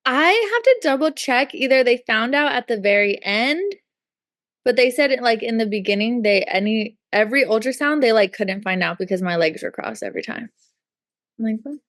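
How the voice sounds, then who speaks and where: A woman's voice: a little high, lively intonation, normal speed, a bit bright, dry recording, studio quality. A woman co-hosting a podcast, retelling a story in casual chat with lots of "like" and "um" and acting out the quotes. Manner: chatty storytelling, acts out quotes, many likes and ums. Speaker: podcast co-host.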